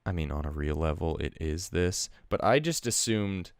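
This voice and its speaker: A man's voice: low voice, animated, normal speed, no room sound, studio quality. A man co-hosting a casual comedy podcast, reading emails aloud with amused laughter. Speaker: podcast co-host.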